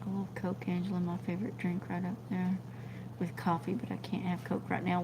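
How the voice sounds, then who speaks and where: A woman's voice: on the low side, completely flat delivery, a little fast, vocal fry, noisy background. A middle-aged woman, chatting scattered and laughing as she reads viewer comments on a livestream. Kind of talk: casual live chat.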